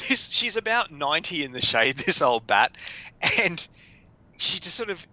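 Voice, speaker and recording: A man's voice: fairly high pitch, very animated, unhurried, sharp tone, low-quality recording. A man co-hosting a podcast, chatting casually, laughing often and acting out quotes. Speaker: podcast co-host. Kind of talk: casual chat.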